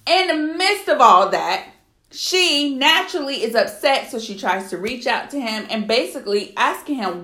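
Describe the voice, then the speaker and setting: A young adult woman hosting a solo podcast, telling a story in an animated, outraged, profane way. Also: a little high, measured pace, roomy sound. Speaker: podcast host.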